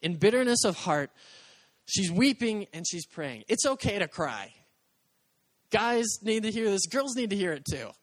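A man's voice: sits high, very animated, normal speed, no room sound. A young adult male pastor preaching in an earnest, conversational way, acting out quoted voices as he goes. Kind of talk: sermon.

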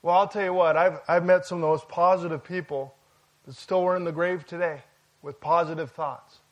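Higher-voiced pastor preaching conversationally. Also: male voice, fairly even intonation, normal speed, lo-fi sound. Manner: conversational preaching with jokes and asides. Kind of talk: sermon.

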